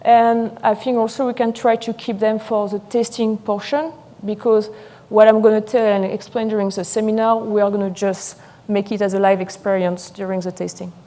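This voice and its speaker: A woman from France with a French accent giving a live seminar lecture as a sommelier, talking fast and excitedly. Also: mid-range voice.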